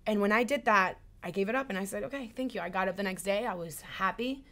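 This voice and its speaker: A woman in her twenties, an actress, telling a personal story in an interview with lively, emotional delivery. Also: mid-range voice, quick pace. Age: 20s. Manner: animated, emotional, acts out quoted voices. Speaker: actress guest.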